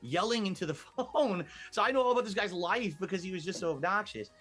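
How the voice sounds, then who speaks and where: A man as an interview guest, telling a story in an animated, exasperated way and acting out what people said. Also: high-pitched, quick pace, faint music behind. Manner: animated, acts out quotes, exasperated.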